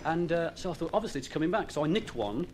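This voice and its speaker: A man's voice: a little high, expressive, fast talker, a little hiss or hum. A man with a Midlands accent doing live stand-up, rambling and chatty with lots of fillers. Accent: English Midlands. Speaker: stand-up comedian. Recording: live club recording with loud crowd.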